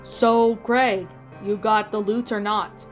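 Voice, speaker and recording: A woman's voice: mid-range voice, fairly even intonation, slow, faint music behind, close to an everyday voice. A woman voicing a cruel gangster who growls out menacing threats.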